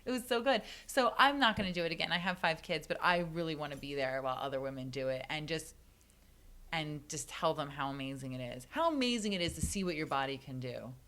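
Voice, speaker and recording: An excited woman in her thirties tells a personal story in a relaxed podcast conversation. Her voice sits fairly low, and she talks animatedly with plenty of "like" and quick restarts. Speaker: guest.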